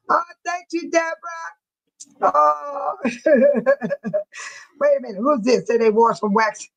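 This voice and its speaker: A woman's voice: sits high, takes it slowly, creaky, long pauses, rough recording. A woman hosting a casual live audio chat, laughing hard and breathless as she reads out listeners' comments, with speech. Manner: laughing hard through her words, breathless. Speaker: live audio room host.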